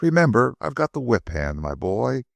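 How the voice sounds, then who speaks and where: A man's voice: medium pitch, big pitch swings, moderate pace, gravelly, dry recording. A male audiobook narrator voicing a small, imperious woman who coolly bullies a man into talking. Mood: commanding. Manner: cool, commanding, mocking. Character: sharp, imperious little woman detective.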